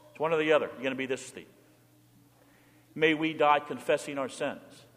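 A man pastor preaching a sermon with emphatic delivery, swinging between forceful passages and hushed ones. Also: fairly high pitch, steady tone, moderate pace. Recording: long hall reverb.

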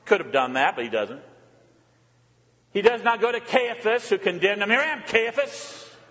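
A man's voice: high-pitched, sing-song, normal speed, a bit bright. A man preaching a sermon, asking rhetorical questions, repeating refrains and having the congregation say lines back. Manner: leads the congregation in call and response. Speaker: pastor. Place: church sanctuary. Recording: long church reverb.

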